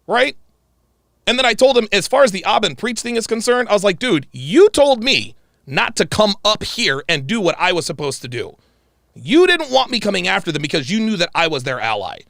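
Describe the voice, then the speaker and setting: A man hosts a livestream in an emphatic storytelling voice and hammers his points home through repetition. His voice sits a little high, with a gravelly edge. The sound is dry and close, with no room echo. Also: brisk. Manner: animated, emphatic storytelling with repeated phrases. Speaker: livestream host. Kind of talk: livestream commentary.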